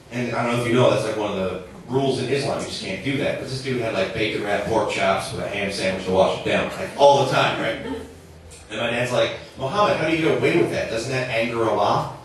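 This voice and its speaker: A man's voice: mid-range voice, slight background noise. A young man from southern Minnesota doing a chatty stand-up set on a bar stage. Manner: conversational, chatty with many likes and rights. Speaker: stand-up comedian. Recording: echoey bar recorded from a distance.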